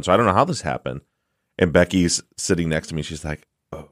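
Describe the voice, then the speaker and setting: A man co-hosting a podcast, telling a story in casual chat, swearing freely and acting out his own shouting. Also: low voice, fairly quick, no echo, studio quality. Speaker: podcast co-host.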